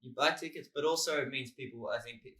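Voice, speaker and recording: Rambling Australian comedian, roomy echo. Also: male voice, mid-range voice, fast talker, bright, forceful tone. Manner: rambling, storytelling with acted-out quotes. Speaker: comedian podcast co-host. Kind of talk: casual chat.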